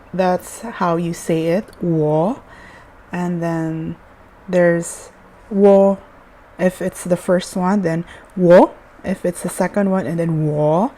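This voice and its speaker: A woman giving a casual language lesson at a writing board, hesitant and unhurried, with many fillers and restarts. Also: on the low side, a little mellow, rough recording. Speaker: language teacher.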